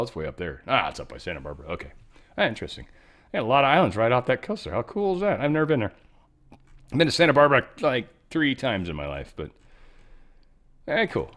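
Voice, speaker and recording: A man's voice: medium pitch, a bit bright. A male host rambles through the news in a casual, ranting manner, swearing freely as he goes. His voice sits in an ordinary middle range and he keeps drifting off on tangents.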